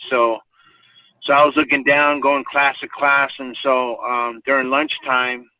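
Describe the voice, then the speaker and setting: A man's voice: mid-range voice, little pitch movement, a little slow, no echo. Male guest, story with filler words, thin distant phone sound, dry. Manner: rambling, many fillers and restarts. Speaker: podcast guest. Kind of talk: personal storytelling. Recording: tinny phone-like sound from far off.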